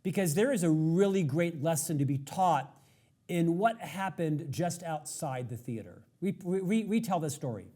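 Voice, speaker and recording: A male podcast host introducing his guest with admiring, deliberate emphasis. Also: fairly high pitch, lively intonation, warm tone. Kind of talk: interview.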